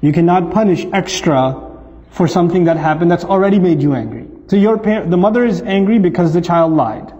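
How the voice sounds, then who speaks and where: A man giving an animated lecture on parenting as an Islamic speaker, acting out voices and often laughing. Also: sits high, a little fast. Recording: long reverb, dull lo-fi sound.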